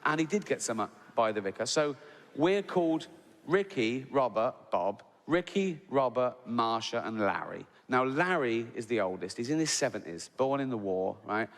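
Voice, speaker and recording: A man's voice: medium pitch, lively intonation, normal speed. Man doing stand-up in a hall. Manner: conversational, peppers lines with "right?", laughs at own jokes. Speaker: stand-up comedian. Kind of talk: stand-up storytelling.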